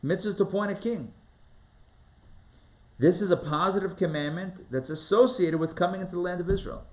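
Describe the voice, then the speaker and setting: A man teaching a live Torah class, reading scripture aloud and acting out the voices in an animated, conversational way. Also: sits high. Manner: animated, dramatizes the text with rising voice and quick asides. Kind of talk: lively live online Torah lesson.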